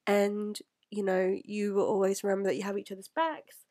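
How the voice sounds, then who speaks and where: A woman's voice: mid-range voice, completely flat delivery, moderate pace, warm tone. A young woman, talking in an earnest, rambling way to her past self, close to tears. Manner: earnest, rambling, fillers and restarts. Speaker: vlogger.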